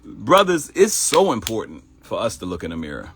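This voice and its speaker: A man's voice: fairly low pitch, huge pitch swings, normal speed, fairly bright tone, a little hiss or hum. A man hosting a live morning talk stream, speaking in a motivational way, repeating phrases and laughing at his own jokes. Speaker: host of a live morning show.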